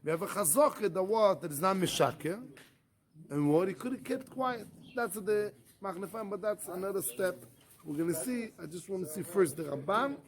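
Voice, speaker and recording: A man's voice: high voice, normal speed. A man, a rabbi, giving a Talmud study class in non-native English, asking rhetorical questions and answering them himself. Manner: animated, acts out the arguments in first person.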